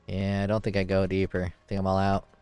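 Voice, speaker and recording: A slightly low-voiced man streaming a video game, chatting casually and swearing often. He gets excited over loot and reads the on-screen text aloud as he plays. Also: quick pace, clean tone, faint music behind. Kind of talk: casual gameplay commentary.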